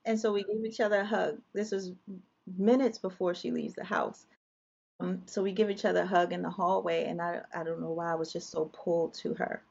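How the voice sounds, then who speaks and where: A woman's voice: fairly low pitch, fairly even intonation, a little fast, gravelly, a little mellow, breathy edge, highs cut off. A woman guest telling an emotional personal story, vividly reliving scenes with quoted dialogue.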